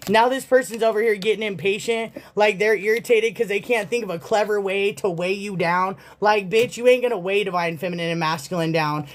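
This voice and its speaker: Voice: mid-range voice, fairly quick, hardly any pauses. A tarot reader giving a casual reading with blunt, profane, sassy talk.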